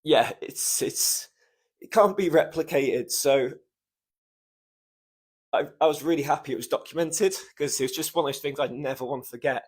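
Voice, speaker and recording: A man's voice: a little high, moderate pace, breathy edge. Young male podcast host, casual solo storytelling, emotional and near tears, rambling with frequent swearing. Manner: emotional, swears often, trails off with ums. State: choked up, close to tears.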